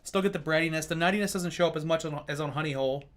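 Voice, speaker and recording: A man with a fairly high, bright, forward voice, talking loosely through a whiskey tasting on a livestream. He jokes, curses casually and chats back to viewers between sips. His tone is relaxed and unscripted. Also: rapid-fire. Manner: loose, joking, swears freely. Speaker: whiskey reviewer and streamer.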